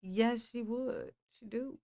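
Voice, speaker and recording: A woman's voice: a little high, takes it slowly, dark tone. A woman hosting a livestream, giving sassy, playful, teasing commentary in a casual chat. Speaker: livestream host.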